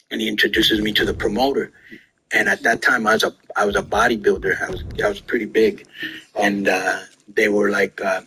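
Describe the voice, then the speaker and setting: Male storyteller, casual, acts out quotes, low pitch, faint noise behind. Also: rough recording. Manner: animated, acts out quoted lines. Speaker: former wrestler telling stories.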